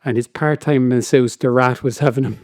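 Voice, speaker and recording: Brief: male podcast co-host, mellow tone, dry close sound, curious and quick to laugh. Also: mid-range voice, fairly even intonation, no echo. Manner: curious, laughs often, retells stories. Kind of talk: casual chat.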